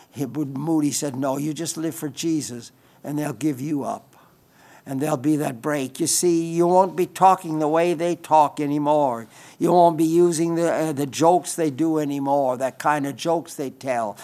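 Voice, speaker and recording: Man giving a sermon, kinda high voice, earnest, repeats himself for emphasis. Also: unhurried, a little mellow. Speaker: preacher.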